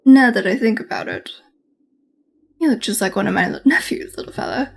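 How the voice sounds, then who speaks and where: A woman voicing a weary, suspicious male police officer with a Russian accent, asking slow, probing questions. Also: mid-range voice, sing-song, vocal fry, husky, full character voice.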